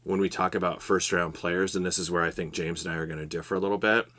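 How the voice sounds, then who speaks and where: A man co-hosting a podcast, giving steady advice in a casual explanatory way. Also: low-pitched, fast talker. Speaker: podcast co-host.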